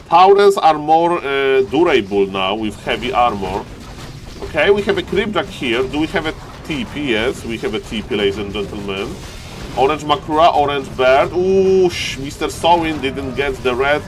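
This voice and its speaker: A man casting a live strategy game match on his stream, talking fast to chat and jumping into high-pitched shouts when big plays happen. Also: animated, background noise. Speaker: esports caster and streamer.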